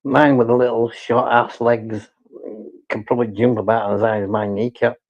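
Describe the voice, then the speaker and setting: A man's voice: mid-range voice, level tone, normal speed, highs cut off. A man chatting casually on a live stream, rambling and swearing as he teases his pet.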